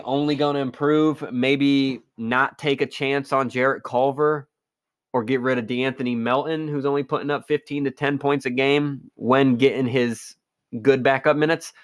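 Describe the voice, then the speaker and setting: A man's voice: mid-range voice, steady tone, unhurried, clean tone. Blunt, laughing man co-hosting sports chat. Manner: blunt, profane, laughs often. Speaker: co-host.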